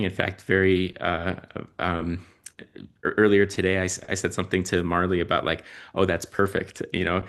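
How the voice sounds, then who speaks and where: A man with a low-pitched voice talks through family stories as a podcast guest. He pauses often and fills the gaps with ums and uhs. His delivery is slow and thoughtful. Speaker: podcast guest, parent and physician-researcher. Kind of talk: reflective conversational storytelling.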